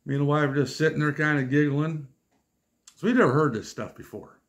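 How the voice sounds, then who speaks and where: A man's voice: fairly high pitch, a little fast. Wry man in his fifties telling stories. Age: 50s. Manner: wry, exasperated, deadpan asides. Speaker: storyteller vlogger. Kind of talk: casual comic storytelling.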